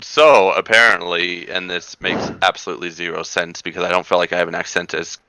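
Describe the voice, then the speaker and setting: A man's voice: low-pitched, brisk, vocal fry, smooth, no echo. A man from Colorado chatting casually with friends on an online call, telling stories with lots of restarts. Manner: animated storyteller, restarts sentences. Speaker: podcast guest.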